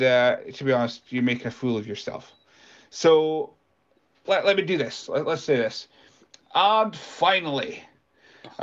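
A man's voice: fairly high pitch, highs cut off, lightly acted. A man putting on a pompous podcaster's scolding voice note. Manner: stammering, indignant, self-important.

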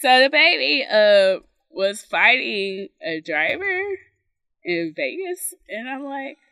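A lively woman co-hosting a casual podcast. Her lower voice swings widely and has a bright edge, and she often acts out her own reactions. The room sound is dry. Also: slow pace, dry recording. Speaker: podcast co-host. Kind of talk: casual chat.

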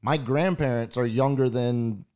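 Hesitant man with a smooth voice. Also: mid-range voice, measured pace, darkish tone. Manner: hesitant, filler-heavy, reflective. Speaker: podcast co-host. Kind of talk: casual chat.

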